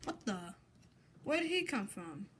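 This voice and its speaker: A woman commentating her own gameplay, excitable and exasperated, swapping in mild minced oaths. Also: mid-range voice, measured pace, a little hiss or hum. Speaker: gamer.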